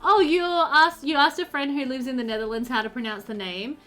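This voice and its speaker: A woman chats easily with her viewers at home as she plays, peppering her talk with ums and likes. Her voice sits a little on the high side. Light game music plays quietly under her. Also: steady tone, fairly quick. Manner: chatty, filler-heavy, answers chat while playing. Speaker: game streamer. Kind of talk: casual live-stream chat.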